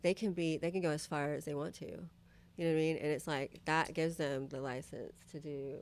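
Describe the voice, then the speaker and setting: A young woman with a notably low voice tells candid stories on a podcast. She talks in a loose, rambling way, packing her sentences with "like" and "you know what I mean". She keeps it animated and acts out the people she quotes. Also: brisk. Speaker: podcast guest. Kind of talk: casual chat, candid storytelling.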